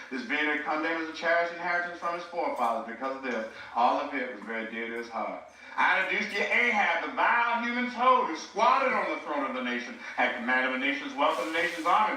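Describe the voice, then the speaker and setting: Older man imitating a grand old-school preacher, rolling oratory, bright edge, roomy distant sound. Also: on the high side, pitched below the performer's own voice. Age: 60s. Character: impression of an old-time florid male preacher.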